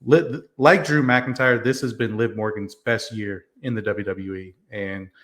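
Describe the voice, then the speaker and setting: A man co-hosting a wrestling podcast chats casually, earnestly arguing his picks with plenty of ums and you-knows. His voice is fairly low and a bit bright, with fairly even intonation and an unhurried pace.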